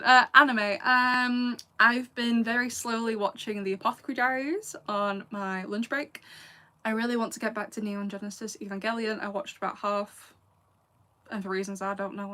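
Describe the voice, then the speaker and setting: A YouTuber in her late twenties from England, with a Lancashire accent carrying a slight Scouse edge, casually works through live chat questions. She's chatty, laughs often, and slips into asides. Her voice is on the high side, pushed and bright, at normal speed.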